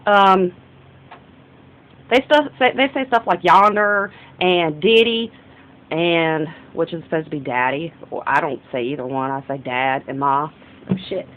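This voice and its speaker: A woman's voice: low voice, moderate pace, rough recording. A young woman from the northern United States talking in a rambling, casual vlog monologue, often jumping between topics and interrupting herself. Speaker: vlogger.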